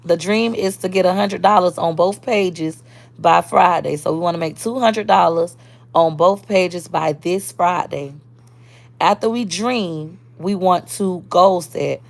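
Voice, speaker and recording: A woman's voice: lowish voice, a little slow, creaky, no room sound. A woman, talking casually and bluntly on a live stream as a social media creator, answering viewer comments.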